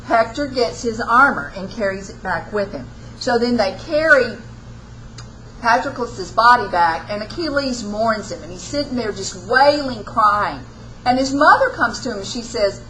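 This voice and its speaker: Woman lecturer, bright voice, retells the story in a homespun way, faint hiss. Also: fairly high pitch, lively intonation, normal speed, rough recording. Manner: folksy storytelling, acts out quotes in casual speech. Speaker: college literature instructor.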